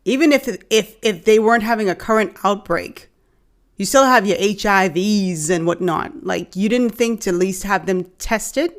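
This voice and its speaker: A woman's voice: medium pitch, normal speed. A woman with a Bahamian accent hosting and commenting frankly, speaking straight to her viewers. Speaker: host reacting to a clip.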